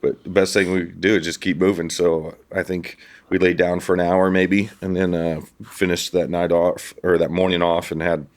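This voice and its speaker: A man with a very deep voice hosts a podcast in a casual way. He tells animated stories and breaks into laughter often. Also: normal speed. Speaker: podcast host. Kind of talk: casual storytelling.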